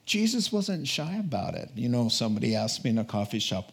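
A man gives a sermon in an easy, conversational way, telling stories with animation. His pitch sits in the middle of the male range. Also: a little fast, vocal fry, husky. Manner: conversational, animated storytelling preaching. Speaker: pastor.

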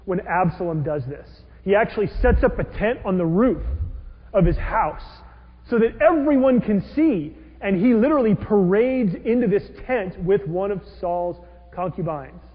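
Male pastor, high voice, animated sermon delivery, muffled lo-fi recording. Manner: animated, acts out quoted characters with rising intensity. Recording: dull lo-fi audio with long hall reverb.

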